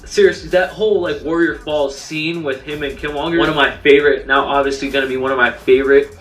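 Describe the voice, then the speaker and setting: Excited young man reviewing a film. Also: a little high, quick pace, recorded from a distance. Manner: enthusiastic, rambling with many fillers and restarts. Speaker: movie reviewer. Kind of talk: casual spoken film review. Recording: roomy, off-mic sound with faint music.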